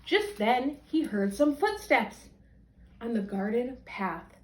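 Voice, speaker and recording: Reading slowly to young children, this teacher brings a storybook to life with an animated, expressive delivery. Her voice is high and jumps about, while the room adds a noticeable echo.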